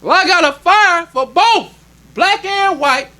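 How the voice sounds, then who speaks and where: A man's voice: very high voice, animated, a little slow, sharp tone. A man preaching a sermon as minister, emphatic and plainspoken, repeating his points. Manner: plainspoken, conversational delivery.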